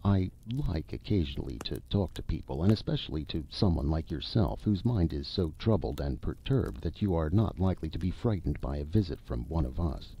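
A man's voice: a bass voice, animated, a little fast, hardly any pauses, mellow, slight background noise. A man voicing a polite but fretful male ghost in a story reading, eager and fussy in manner. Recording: dull lo-fi recording.

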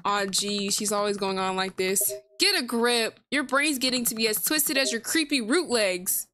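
A woman's voice: on the high side, moderate pace, sharp tone, slight background noise. A woman reading the lines of a snarky floating cat spirit in a sarcastic, trash-talking tone. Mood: wry.

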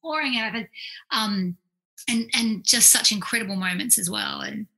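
A woman's slightly high voice with a creaky, breathy edge comes through a rough recording at normal speed. She's a clinical psychologist from Australia, in her forties, guesting on a podcast and telling stories in an animated way, acting out the people she quotes.

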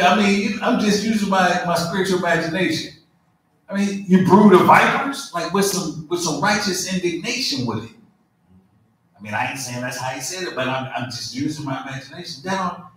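A man preaching a conversational sermon, informal and animated, full of asides and "you feel me?". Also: a little high. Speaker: pastor. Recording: very echoey room, mic far off.

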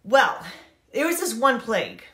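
Lively high-voiced woman teaching scripture. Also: echoey room. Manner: animated, chatty, acts out characters in quick asides. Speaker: Bible teacher and life coach. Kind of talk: casual Bible teaching to camera.

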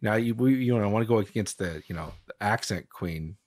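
A man's voice: fairly low pitch, a little fast, darkish tone, no echo. A man hosting a podcast interview, easygoing and a bit rambling, joking about himself. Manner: easygoing, rambling, self-deprecating. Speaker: podcast host. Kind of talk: casual interview.

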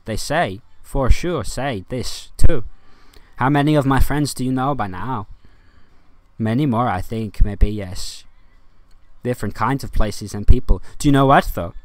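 Male vlogger, rambling rant, loud-to-quiet swings, average pitch, dry booth-like sound. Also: no echo. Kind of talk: rambling monologue to camera.

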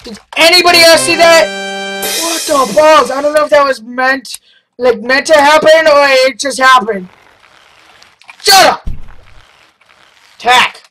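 A young man commenting on his own gameplay, loud and excitable with frequent yelling outbursts. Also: very high-pitched, a little slow, pauses often, soft background music. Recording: noisy home mic.

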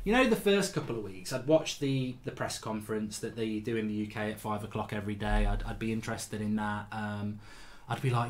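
Man, show host, casual storytelling, animated, acts out shouted quotes, fatigued. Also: mid-range voice, fairly quick. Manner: animated anecdotes with loud acted-out quotes.

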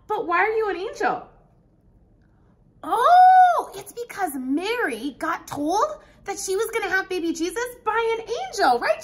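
High, bright-voiced woman teaching preschoolers. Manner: animated, exclamatory, talks to young children. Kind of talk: children's Bible lesson.

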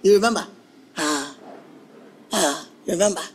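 An actor with a Nigerian English accent playing a brash young electrician who mocks and repeats himself in stammering bursts. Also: male voice, sits high, a little slow, breathy edge, poor audio. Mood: taunting. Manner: mocking, indignant, stammering repetitions. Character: brash young male electrician, taunting and touchy. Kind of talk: film acting.

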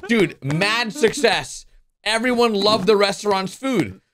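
A man hosts a reaction video, talking straight to his viewers in a casual, excitable, exclamatory way. His voice sits high and he takes it slowly, with crowd noise in the background.

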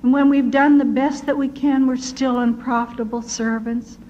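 An older woman giving an earnest personal testimony, telling her story in a measured way with restarts. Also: sits high, fairly even intonation, mellow. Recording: dull lo-fi recording with faint noise.

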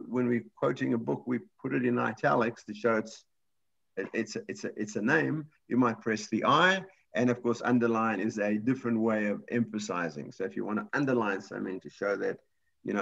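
A man teaching a live computer class, explaining each step patiently and often starting his sentences over. His voice is gravelly and a little husky, at an ordinary pitch. The sound is dull and lo-fi, like audio from an online class. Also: a little fast, fairly bright tone.

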